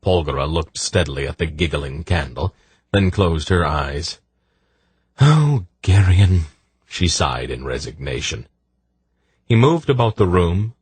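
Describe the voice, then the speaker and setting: A male audiobook narrator with a low, deep voice reads fantasy prose in a measured, steady way. His tone is slightly husky, and the sound is close and dry. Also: no echo.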